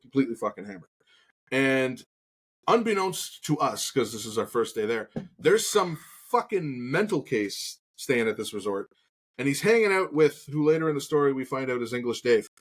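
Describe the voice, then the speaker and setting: Husky man telling a profane story. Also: mid-range voice, moderate pace. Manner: profane, animated storytelling with acted-out quotes. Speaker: podcast co-host. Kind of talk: casual storytelling chat.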